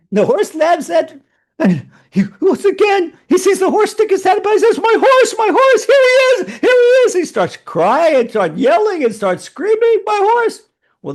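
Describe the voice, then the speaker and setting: A man telling a religious fable and drawing its lesson, animated and prone to repeating words. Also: sits high, vocal fry. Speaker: rabbi storyteller.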